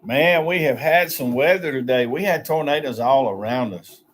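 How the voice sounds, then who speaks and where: A man's voice: mid-range voice, moderate pace, slight background noise. A man hosting a casual morning chat livestream from a small shed, greeting viewers by name and laughing often. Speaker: livestream host. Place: small shed used as a tiny house.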